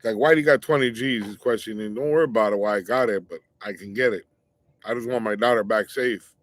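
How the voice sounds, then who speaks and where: A man's voice: on the low side, fast talker, no echo. Slangy middle-aged man telling a story. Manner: slangy and blunt, sprinkled with "dude" and "man". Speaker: show host. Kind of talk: casual first-person storytelling and warning.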